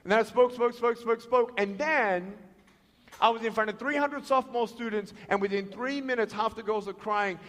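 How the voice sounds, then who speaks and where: A man with an Australian accent giving a motivational speech, telling stories in an animated way with sound effects and acted-out dialogue, in a large hall. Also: sits high, normal speed. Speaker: motivational speaker. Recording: echoey hall reverb.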